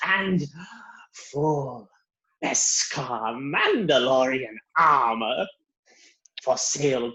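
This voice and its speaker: A man voicing a greedy, flirty female alien shopkeeper, drawing out a theatrical sales pitch. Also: bright, forceful tone, heavily acted. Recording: dull lo-fi recording.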